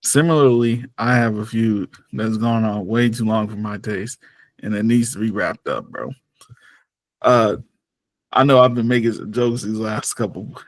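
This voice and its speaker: A man's voice: on the low side, no room sound. A man hosting a podcast in casual chat, laid-back, laughing often and ending lines with "bro". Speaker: podcast host.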